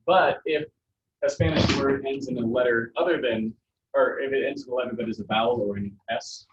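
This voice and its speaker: Halting male teacher, lo-fi classroom. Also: mid-range voice. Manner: relaxed, halting explanations with many fillers. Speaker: Spanish teacher. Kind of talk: classroom lesson. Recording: dull lo-fi classroom recording with faint noise.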